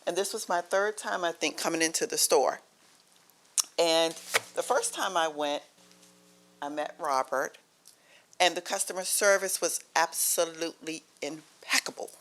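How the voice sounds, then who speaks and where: A middle-aged woman from Maryland speaks at a podium microphone during a public meeting, in a somewhat low voice. She tells her story with earnest, emphatic feeling and a storyteller's flow. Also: unhurried, long pauses, fairly bright tone, slight background noise. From Maryland, USA. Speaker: honoree's guest speaking at a county board meeting. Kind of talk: heartfelt public remarks.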